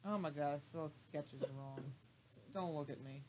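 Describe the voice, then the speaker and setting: A woman chatting casually while drawing on a livestream, jokey and quick to act out quotes. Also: sits low, slight background noise, rough recording. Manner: animated, jokey, acts out quotes in funny voices. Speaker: livestream artist drawing on stream. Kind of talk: casual chat.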